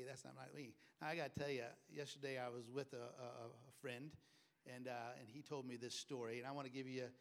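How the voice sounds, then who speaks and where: A man preaching a sermon, telling stories and acting out quoted speech with loud, emphatic bursts. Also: mid-range voice. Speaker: pastor.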